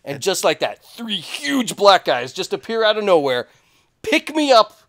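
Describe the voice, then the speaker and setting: Man, podcast co-host, casual studio chat, profane storyteller, lively pitch. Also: unhurried. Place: studio, sitting on couches.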